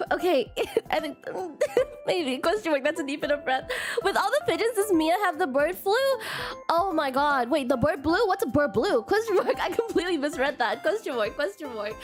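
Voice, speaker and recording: This is a live-stream host, a young woman whose high, expressive voice moves at a normal pace with music underneath. Nervous yet bubbly, she keeps fumbling and repeating words while ending lines with a cute "question mark," her casual chatter showing strain from a recent illness.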